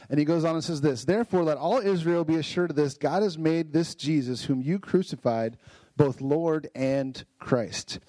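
A man preaching a casual Bible lesson, enthusiastic and chatty, often checking in with his listeners with a quick "right?". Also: on the high side, darkish tone, dry recording, rough recording. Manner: enthusiastic, frequent "right?" tag questions.

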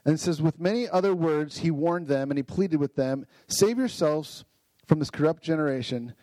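A man's voice: on the high side, moderate pace, dark tone, no room sound, poor audio. Upbeat man teaching a casual Bible lesson. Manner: enthusiastic, frequent "right?" tag questions.

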